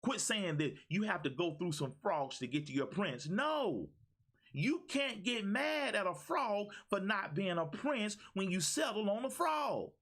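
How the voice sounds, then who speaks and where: A man coaching viewers on a live stream. His voice sits fairly high and swings widely up and down as he preaches, repeating lines and calling out names. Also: sing-song, unhurried, a bit bright. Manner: preachy, repetitive, calls out viewers by name. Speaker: life coach. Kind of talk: motivational live-stream talk.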